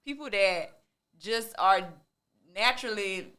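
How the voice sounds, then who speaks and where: A woman giving her opinion in a casual chat, slowly and deliberately. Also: mid-range voice, bright, forceful tone, clear, resonant tone.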